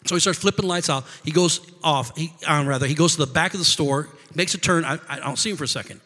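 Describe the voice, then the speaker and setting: A man with a somewhat high voice tells a personal story in a loose, rambling way. He stops and restarts phrases and repeats his words as he goes. A long reverb trails after his voice. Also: fast talker, bright, forceful tone. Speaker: guest telling a personal story. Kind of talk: casual spoken storytelling.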